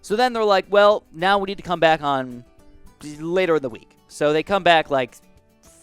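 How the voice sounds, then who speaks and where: A man's voice: on the high side, moderate pace, smooth, no room sound, faint music behind. Chatty young man telling gaming anecdotes. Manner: chatty, rambling anecdotes with acted-out quotes. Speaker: gaming YouTuber. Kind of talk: casual gameplay commentary with storytelling.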